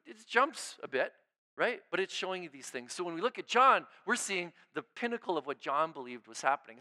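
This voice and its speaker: A male pastor preaches in a relaxed, conversational way, with a fairly high voice that sounds smooth and crisp. He checks in with the room constantly and restarts his phrases. He swings between emphatic, raised lines and near-hushed asides. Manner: informal preaching, frequent "right?" check-ins and repeated restarts. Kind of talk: conversational sermon.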